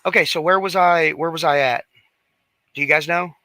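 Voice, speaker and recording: A man chats casually, telling a long and animated story full of restarts and fillers. His voice has a very bright, forward tone and sits slightly higher than most. The sound is dry and close, with no room echo. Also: normal speed. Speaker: podcast co-host.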